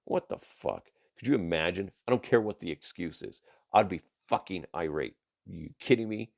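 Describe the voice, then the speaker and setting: A man's voice: low voice, animated, normal speed, creaky, dull audio. Profane laughing podcast host, man. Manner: profane, laughing, riffs into silly voices. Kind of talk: casual comedic news chat.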